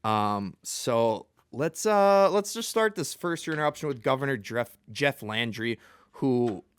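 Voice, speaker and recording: A man's voice: medium pitch, lively intonation, a little slow, smooth, dry recording. A man hosting a sports show with casual, rambling commentary. He is self-deprecating and chuckles in the middle of sentences.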